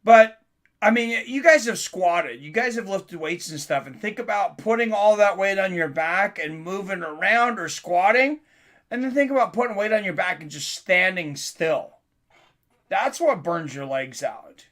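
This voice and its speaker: A man doing casual live commentary on a fight for his stream chat, getting louder and more excited at big moments. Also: high voice, a little slow.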